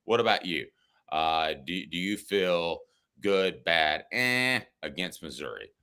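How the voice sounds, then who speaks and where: A middle-aged man talking sports on a podcast in a low but bright, forward voice. He argues his point with teasing confidence and a conversational flow. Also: lively intonation, takes it slowly, clear, resonant tone. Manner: argumentative, teasing. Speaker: podcast co-host. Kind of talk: casual sports talk.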